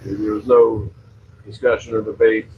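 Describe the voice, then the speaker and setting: A man's voice: lowish voice, little pitch movement, normal speed, muffled recording, a little hiss or hum. Rambling storyteller man, shop owner. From western Pennsylvania. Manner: rambling, self-correcting anecdotes with many fillers. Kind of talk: casual storytelling on a livestream.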